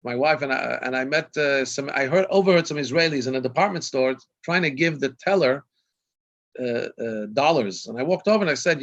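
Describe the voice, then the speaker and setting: A man's voice: medium pitch, normal speed, fairly bright tone. A man in his fifties, a rabbi, telling anecdotes in a rambling storytelling way, with many restarts and self-corrections, on a video call. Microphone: video call microphone. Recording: dull lo-fi video call audio.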